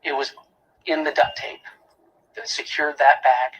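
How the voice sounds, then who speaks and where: A man with a husky, slightly higher-pitched voice delivers a prosecutor's closing argument to a jury in a courtroom. He speaks emphatically, hammering home repeated phrases and pointed rhetorical questions. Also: level tone, a little slow, fairly bright tone, rough recording.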